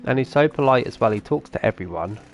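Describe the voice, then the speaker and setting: A man streams a farming game, chatting casually and answering viewers' comments while he plays. His mid-range voice is expressive and fast, with soft background music behind it.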